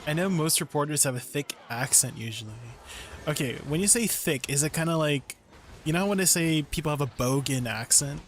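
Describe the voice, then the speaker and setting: A man's voice: on the high side, fairly quick. A man streaming a game, chatting casually with his viewers and laughing often. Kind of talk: casual live-stream chat. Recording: faint background noise.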